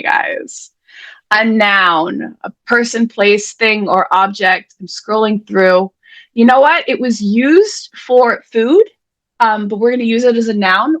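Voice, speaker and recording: A woman's voice: fairly high pitch, measured pace, fairly bright tone, no echo. Chatty woman hosting a word game. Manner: chatty, playful, self-deprecating. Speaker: host and emcee of an online writers' event. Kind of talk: casual live-stream game hosting.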